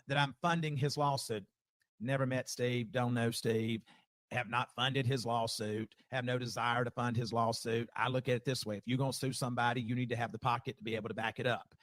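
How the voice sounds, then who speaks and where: A man's voice: mid-range voice, a bit bright, no echo. A man, speaking bluntly in a wry, dismissive way. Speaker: reality TV personality. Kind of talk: direct-to-camera monologue.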